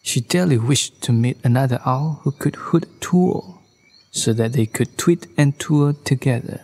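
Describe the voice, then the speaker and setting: A man narrating a children's bedtime story in a gentle read-aloud manner, recorded in a studio. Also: mid-range voice, measured pace, slight background noise. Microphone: studio microphone.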